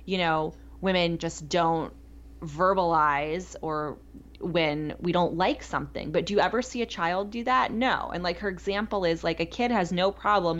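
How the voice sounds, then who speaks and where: Chatty podcast co-host, woman, lower voice, lo-fi recording. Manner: chatty, enthusiastic, many fillers. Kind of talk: casual chat. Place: New York. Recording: dull lo-fi sound.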